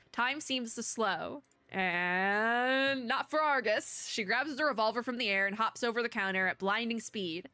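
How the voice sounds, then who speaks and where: A woman's voice: on the high side, expressive, normal speed, sharp tone, no echo. A woman gaming creator giving casual let's-play commentary, reading story text with chatty, laughing asides.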